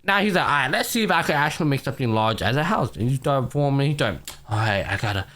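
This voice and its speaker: A man's voice: mid-range voice, fast talker. Young guy on a podcast going thru an anime ep, jumps into character voices, swears a lot, super loose. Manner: animated retelling, acts out characters' lines, swears casually. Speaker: podcast co-host recapping anime. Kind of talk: casual chat.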